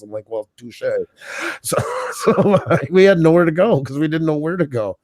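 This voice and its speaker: A man's voice: fairly high pitch, lively intonation, slow, long pauses, no echo. A man from Canada telling a long funny anecdote in casual chat, laughing often and acting out what people said. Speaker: podcast co-host.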